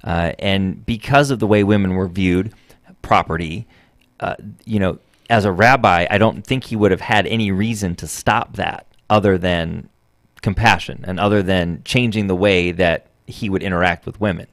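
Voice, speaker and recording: A man's voice: low voice, steady tone, moderate pace, no room sound. A man co-hosting a radio talk show in a studio, asking pointed questions with some hesitant fillers. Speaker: radio co-host.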